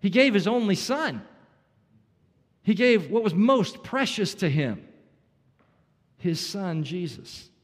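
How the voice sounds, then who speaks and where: Pastor type, man with a slightly high voice, emphatic sermon delivery, long hall reverb. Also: sing-song, slow, pauses often. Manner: earnest, emphatic preaching with rhetorical questions.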